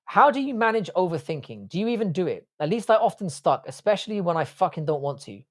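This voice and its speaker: A man's voice: high-pitched, big pitch swings, fast. A young English man with an English accent, hosting a livestream and chatting bluntly with swearing while reading viewer comments. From England. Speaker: livestream host.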